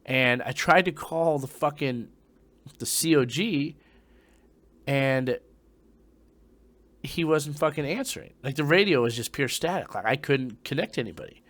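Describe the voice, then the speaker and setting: A man's voice: a little high, unhurried, long pauses. Profane man telling a war ghost story. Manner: profane, animated retelling with hushed and sudden loud bursts. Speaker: former Marine storyteller. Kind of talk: casual spoken storytelling.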